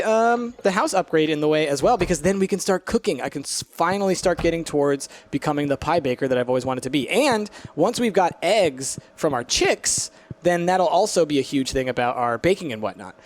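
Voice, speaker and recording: A man casually commenting on a video game as he plays it, chatty and thinking aloud, with plenty of ums and uhs. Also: on the high side. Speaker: let's play host. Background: faint game music.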